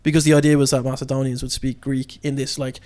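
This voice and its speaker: A man talking casually on a film podcast, chatty and quick to laugh. His pitch sits mid-range for a man, and he often restarts his sentences as he thinks aloud. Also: level tone, a little mellow. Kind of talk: casual chat.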